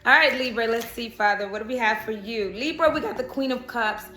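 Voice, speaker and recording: A woman's voice: fairly high pitch, fairly quick, bright, forceful tone, echoey room, faint music behind. A woman giving a casual, chatty tarot reading who often laughs. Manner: chatty, laughs and breaks into song. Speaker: tarot reader.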